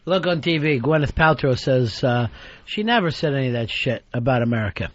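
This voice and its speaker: A man's voice: medium pitch, expressive, fairly quick, dry recording. A man hosting a radio talk show, teasing his co-host with sarcastic jabs in casual banter. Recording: dull radio broadcast with faint music.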